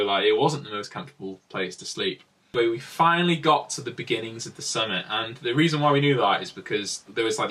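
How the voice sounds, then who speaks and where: Young man, chatty rambling narration, bright forceful voice, mic held at some distance. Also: medium pitch. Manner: chatty, rambling, many "like" fillers. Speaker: travel vlogger. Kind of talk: casual storytelling narration.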